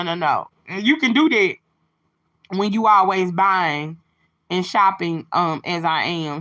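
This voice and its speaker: Talking in a medium-pitched, somewhat bright voice, this woman hosts a livestream and shares her personal testimony in a chatty, open way with her viewers.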